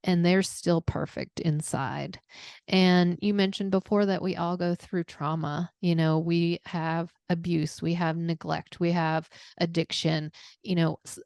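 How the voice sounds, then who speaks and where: A woman hosts a wellness conversation in a slightly low, gravelly voice. She talks very slowly in an earnest, reflective way and sounds moved by the subject. The sound is close and dry. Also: fairly even intonation, darkish tone, dry recording. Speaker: podcast host. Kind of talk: heartfelt conversational interview.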